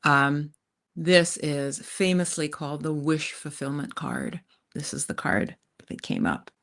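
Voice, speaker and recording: Chatty low-voiced woman tarot reader. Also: animated, measured pace. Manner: chatty, warm asides to viewers, frequent "you guys". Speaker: tarot reader, channel host. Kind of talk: casual live-stream chat. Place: indoor rented room in the countryside.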